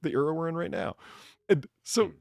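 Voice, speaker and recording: Lively dry-voiced male host. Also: a little high, a little fast, gravelly, no room sound. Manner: animated storyteller, laughs often. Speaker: streamer bartender host. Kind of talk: casual chat.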